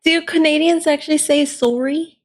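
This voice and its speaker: A woman chats casually, giving blunt opinions and quick reactions. Her voice is slightly high. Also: fairly even intonation. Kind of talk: casual chat.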